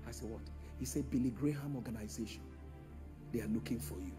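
A man preaching a sermon in a large church, calling out to the congregation and swinging from hushed tones to shouts. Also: mid-range voice, quick pace, over loud music. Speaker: pastor.

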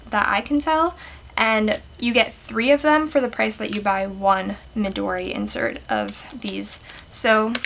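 A fairly high-pitched woman talks through a casual show-and-tell of her stationery setup. Her delivery is chatty and enthusiastic, with frequent "like" fillers. There is a faint hiss beneath her voice. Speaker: stationery and planner vlogger.

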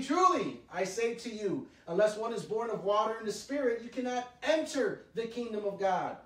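A man teaching from the Bible in a sermon, earnest and emphatic, slowing down to stress key words. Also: sits high. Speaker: preacher. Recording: echoey room, voice a bit distant from the mic.

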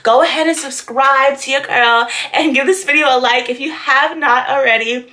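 A woman's voice: high voice, normal speed, bright, forceful tone. A young adult woman hosting a reaction vlog, bubbly and slangy, with "like" in nearly every sentence. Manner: bubbly, slangy, says "like" constantly. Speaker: YouTube reactor. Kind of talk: excited reaction vlog chat.

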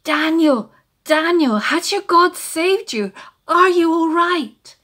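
A woman voicing a worried king in a children's Bible story, calling out loudly to his friend. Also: medium pitch, a little slow, breathy edge. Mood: anxious calling. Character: desperate king calling down a pit, male.

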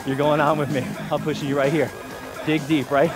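A male fitness instructor with a fairly high voice leads a follow-along workout. He pushes and cheers his viewers on with steady energy. Soft music plays quietly underneath. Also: brisk.

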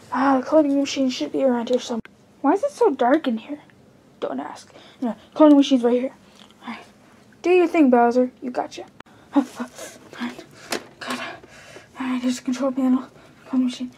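A woman's voice: high voice, warm tone, slight background noise. A woman voicing every character in a comedic fan skit, stammering with hesitant restarts. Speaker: fan video maker voicing all characters.

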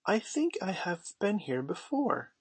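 A man's voice: high voice, level tone, normal speed, a little mellow, no room sound, pitched above the performer's own voice. Man doing a sleepy little boy. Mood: doubtful. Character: small boy, sleepy and wondering.

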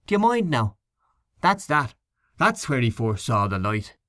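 A scornful, complaining male canvasser in a spoken storybook, as a man reads him. His pitch swings widely as he gossips and grumbles, and the recording is dry and close. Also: very animated, unhurried, fairly bright tone, no room sound.

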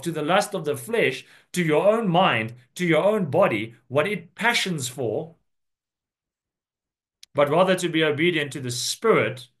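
An earnest male preacher delivering a sermon, his voice sitting a little higher than most men's. He stretches out key words for emphasis as he works through scripture verse by verse. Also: fairly bright tone.

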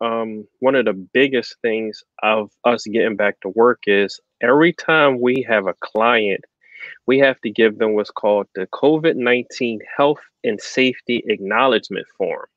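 A man's voice: mid-range voice, moderate pace, no room sound. A man, a realtor guest, plainly explaining procedures in an interview. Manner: plain, matter-of-fact explaining. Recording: dry, dull lo-fi sound.

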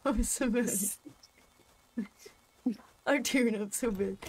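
A woman's voice: fairly high pitch, slow, breathy edge. A woman gamer, scared and pleading, who keeps repeating herself while she chats casually during play. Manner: frightened, pleading, repeats words. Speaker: gamer playing along. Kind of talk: casual game chat.

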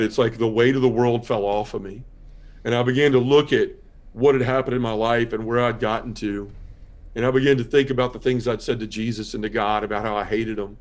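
A man giving a heartfelt personal testimony as a guest on a podcast, telling his story in an earnest, quiet way. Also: medium pitch.

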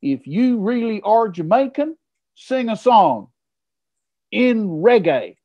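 A man's voice: high voice, very animated, takes it slowly, no room sound, lo-fi sound, pitched above the performer's own voice, exaggerated voice. A man voicing a brash American man who heckles a comedian with doubt and taunts. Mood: taunting. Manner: taunting, incredulous.

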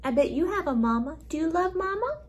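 A preschool music teacher, a woman, talking playfully to young children in a gentle sing-song way, often repeating her words. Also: very high voice, animated, fast talker.

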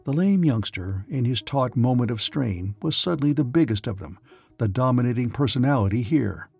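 A man's voice: mid-range voice, expressive, normal speed, vocal fry, a little mellow, husky. A man narrating a science fiction audiobook with dramatic storytelling. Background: faint music.

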